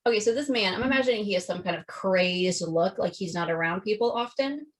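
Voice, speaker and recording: A woman co-hosting a podcast, chatting casually and telling a story in an animated, profane way. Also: medium pitch, brisk, low-quality recording. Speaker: podcast co-host. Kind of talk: casual chat.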